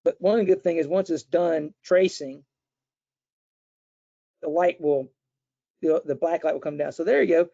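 A middle-aged man with a fairly high voice talks through a hands-on demonstration in a loose, chatty way, full of fillers and restarts. The audio is dry and dull, like lo-fi webinar sound. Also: a little slow, vocal fry, long pauses, mellow, no echo. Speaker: webinar presenter.

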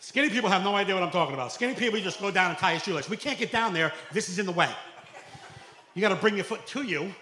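A New man in his forties working a comedy club crowd, his voice bright and forceful as he barks out stories and punchlines. The room rings with echo and a faint hiss sits underneath. He leans into acted quotes and loud shouts. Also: high-pitched, expressive, racing. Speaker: stand-up comedian. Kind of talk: stand-up set.

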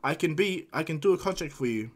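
A man voicing a calm, measured monkey king spirit who calls the boy young man. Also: fairly high pitch, lightly acted.

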